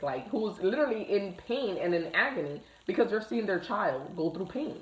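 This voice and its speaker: A woman's voice: mid-range voice, very animated, moderate pace, roomy sound, a little hiss or hum, low-quality recording. A woman, a doula telling a personal story in a chatty, casual way with many restarts. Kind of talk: casual talk to camera.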